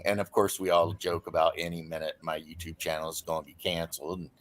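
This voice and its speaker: Low-voiced male chat host, ranting and animated. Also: fast talker. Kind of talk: casual chat.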